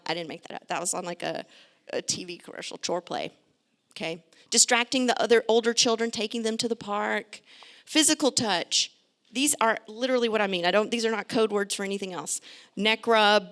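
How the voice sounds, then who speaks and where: A middle-aged woman, a pediatrician, giving a lively, joking and direct talk to parents. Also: mid-range voice, brisk. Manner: chatty, direct, joking asides.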